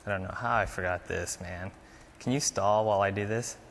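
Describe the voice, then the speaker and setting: A man's voice: on the low side, steady tone, fairly quick, big-room sound, a little hiss or hum. A man presenting a live coding demo at a conference, talking casually with fillers as he types. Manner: casual, explains while typing, frequent fillers.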